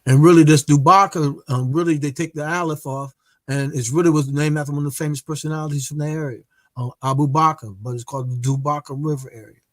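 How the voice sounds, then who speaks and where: A man delivers a religious history lecture in a somewhat high voice, often pausing on fillers and restarting his sentences. The sound is dry and close. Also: fairly even intonation, no echo. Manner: hesitant, many filler pauses and restarts.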